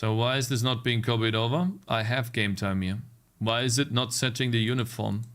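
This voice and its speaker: A man's voice: mid-range voice, fairly even intonation, normal speed, fairly bright tone, a little hiss or hum. A young man streaming himself programming, muttering through bugs and talking to his chat. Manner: frustrated muttering while debugging, talking to chat. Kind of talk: live coding stream chat.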